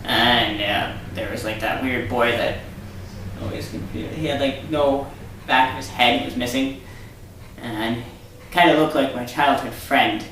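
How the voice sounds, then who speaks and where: A man's voice: mid-range voice, a little slow, a bit bright, recorded from a distance. A man hosting his own vlog, talking in a sarcastic, rambling rant. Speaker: vlog host. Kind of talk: casual vlog monologue. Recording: echoey room, off-mic, faint hiss.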